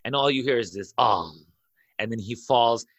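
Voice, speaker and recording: A man, an imam, telling a dramatic story on a podcast, excitable and laughing as he goes. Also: medium pitch, no room sound. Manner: excitable, laughs through his story, rushes in bursts. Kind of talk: animated storytelling in a podcast chat.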